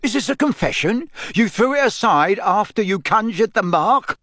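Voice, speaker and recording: Guy doing a stern bossy official, voice pushed way up high, barking questions. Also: very animated, a little slow, a bit bright, no echo, clean studio sound, exaggerated voice. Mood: incredulous. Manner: stern, interrogating. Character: stern pompous male ministry official. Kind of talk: reading aloud from a novel.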